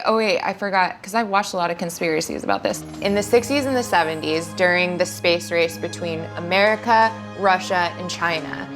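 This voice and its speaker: A young woman comedian casually telling a rambling story, with lots of fillers, restarts and giggles. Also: on the low side. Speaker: comedian guest. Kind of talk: casual storytelling while getting high.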